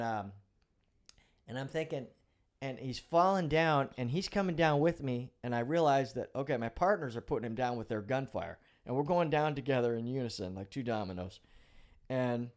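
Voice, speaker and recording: A middle-aged man, a retired police officer, telling a vivid personal story as a guest in a casual interview, now and then swearing. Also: medium pitch.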